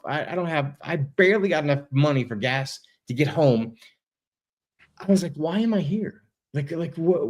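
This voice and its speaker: Animated man chatting over a video call. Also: a little high. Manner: animated, laid-back, says dude a lot, swears. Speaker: interview guest. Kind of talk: casual storytelling.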